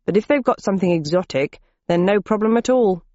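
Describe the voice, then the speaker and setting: A man's voice: sits high, animated, brisk, a little mellow, no echo. A woman voicing a shrewd male partner in cheese smuggling, matter-of-fact and sardonic, on a dull lo-fi recording. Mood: wry.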